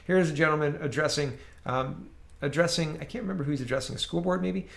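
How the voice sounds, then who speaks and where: Canadian guy ranting about clips, sarcastic, gravelly voice. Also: a little high, quick pace. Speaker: political commentary host. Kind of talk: casual commentary on clips.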